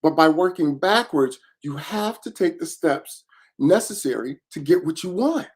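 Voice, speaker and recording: A man's voice: on the high side, expressive, a little slow, voice pushed up. A man quoting his mother's firm, patient advice to her teenage son while telling a story.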